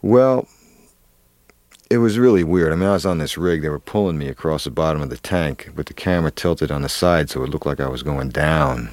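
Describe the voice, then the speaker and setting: A man's voice: extremely low pitch, a little fast, a little mellow, no room sound. A man, an actor, telling a long story in an interview, rambling with many fillers and restarts. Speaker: actor guest.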